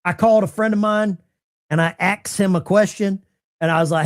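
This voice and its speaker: A man hosting live political commentary, incredulous and animated, talking straight to his chat. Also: high-pitched, moderate pace, pauses often.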